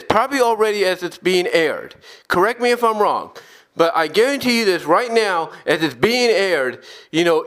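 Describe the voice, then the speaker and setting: A man hosting a solo opinion podcast with a fairly high voice. He talks emphatically and keeps repeating his points to drive them home. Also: fairly bright tone. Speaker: podcast host.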